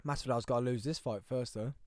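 A man's voice: medium pitch, steady tone, quick pace, no room sound. A young man bantering and swearing through a casual watch-along chat with a friend, laughing a lot. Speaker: co-host. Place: small warm room.

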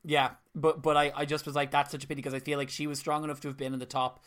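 A man co-hosting a podcast, chatting in a relaxed, agreeable way with plenty of fillers. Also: fairly high pitch, fast. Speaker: podcast co-host. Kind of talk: casual podcast chat.

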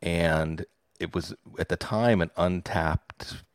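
A man's voice: deep voice, steady tone, slow, smooth, no room sound, studio quality. A man in his forties from Pittsburgh, a fantasy football podcaster telling stories in a casual interview, enthusiastic and self-deprecating.

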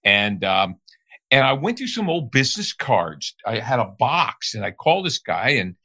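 Bright, animated male sales trainer. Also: medium pitch, normal speed. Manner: animated, emphatic storyteller. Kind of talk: storytelling interview answer.

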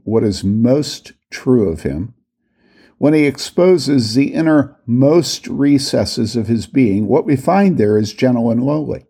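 A man reading aloud a critique of a theology book, slowly reading out long quotations and marking each quote. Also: medium pitch, dark tone, husky. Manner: reads quotations slowly and deliberately, voicing each quote mark.

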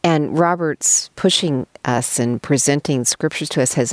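A middle-aged woman co-hosting a podcast, talking earnestly and personally about faith, thoughtful and a little halting at times. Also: low voice, darkish tone, no room sound. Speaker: co-host. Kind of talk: reflective conversational podcast talk. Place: quiet studio around a table.

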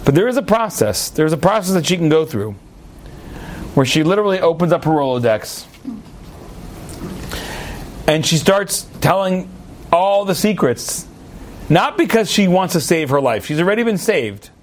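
Animated male rabbi telling a parable. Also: normal speed, long pauses, slight background noise. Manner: animated storyteller, jokey asides, sudden high emphatic swings. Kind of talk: sermon with a told parable.

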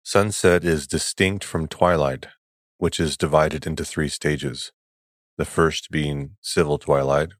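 A man hosting a sleep podcast, reading an article slowly in a soft, calm, soothing voice. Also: dry recording, clean studio sound. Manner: soft, slow and calm, drifting lower and quieter. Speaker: podcast host.

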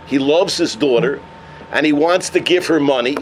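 A man telling stories in a sermon as a Torah teacher, animated, with Hebrew and Yiddish terms woven into his English. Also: fairly high pitch, moderate pace, a little hiss or hum. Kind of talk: sermon storytelling.

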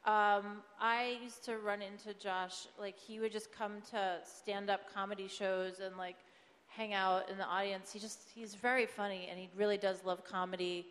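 A woman's voice: medium pitch, flat delivery, moderate pace, a bit bright, smooth, in a large hall. A woman chatting casually on a comedy panel, full of likes and ums and laughing often. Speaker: comedy show co-creator on a panel.

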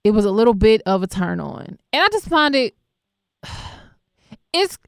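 A woman's voice: medium pitch, sing-song, moderate pace, gravelly, clean tone, no room sound, clean studio sound. Laughing, chatty young woman radio host. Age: young adult. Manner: laughing, chatty, affectionate and conversational. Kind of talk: casual talk radio with callers and news.

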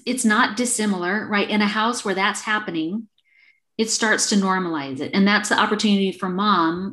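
A woman's voice: medium pitch, a bit bright. A middle-aged woman speaking earnestly as an interview guest, often acting out little quoted exchanges in a casual way.

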